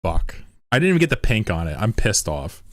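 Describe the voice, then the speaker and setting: A man's voice: on the low side, brisk, a little hiss or hum. A young man streaming a drawing game, talking casually with lots of swearing and laughter. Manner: profane, excitable, laughs often. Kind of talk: casual live-stream commentary.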